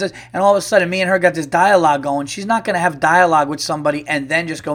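A man's voice: high voice, fast talker, a bit bright. Profane man telling a rambling story. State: voice worn from getting sick. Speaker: podcast host. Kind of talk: casual comedic storytelling monologue.

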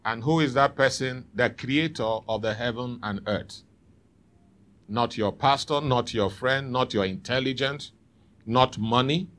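A man's voice: mid-range voice, unhurried, a bit bright. Man preaching a sermon. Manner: preaching with call-and-response. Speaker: pastor. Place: church.

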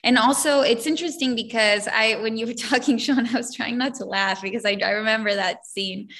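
A woman's voice: on the high side, fairly quick, a bit bright. A woman, an actress, chatting in an interview, giggly and loose, with lots of "like". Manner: giggly, chatty, many "like" fillers. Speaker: actor. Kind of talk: casual interview talk.

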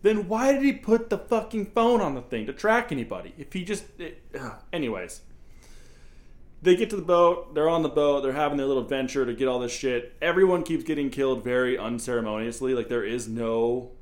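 A man co-hosting a casual movie review podcast, sarcastic and animated, swearing and laughing as he picks apart the plot. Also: medium pitch, fairly quick. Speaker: podcast co-host.

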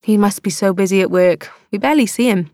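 A woman's voice: medium pitch, quick pace, a little mellow, dry recording, clean studio sound, natural voice. A woman voicing a prim older neighbour woman who speaks in a sweetly passive-aggressive, fussy way. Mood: gushing.

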